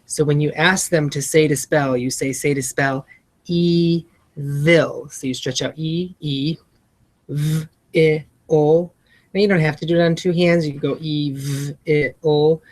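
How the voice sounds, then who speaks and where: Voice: mid-range voice, steady tone, normal speed. A reading teacher walking colleagues through a spelling lesson, spelling words out letter by letter and enunciating each syllable, with friendly asides. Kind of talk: lesson-prep walkthrough.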